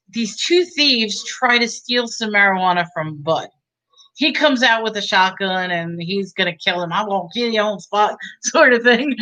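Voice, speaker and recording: A woman's voice: medium pitch, sharp tone, rough recording. A woman giving a casual, rambling movie review, chatty and giggly, with many fillers.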